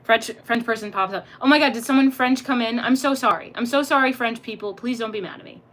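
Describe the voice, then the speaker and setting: Young woman streamer, bright voice, playful and profane, laughs a lot while reading chat. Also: on the high side, fast talker. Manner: swears freely, laughs often, chatty and playful. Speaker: livestream host reading chat. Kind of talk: casual livestream chat.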